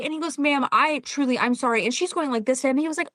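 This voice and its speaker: Lively woman telling a story. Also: sits high, fast talker, few pauses, no room sound. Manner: animated storytelling, laughing often. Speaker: podcast co-host. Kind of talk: casual chat.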